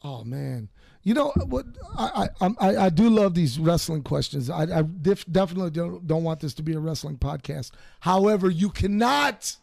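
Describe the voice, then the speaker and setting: A man with a Detroit accent tells stories on a podcast, profane and animated. His voice sits high, with a deep gravelly fry running through it. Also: normal speed. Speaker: podcast host. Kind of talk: casual storytelling.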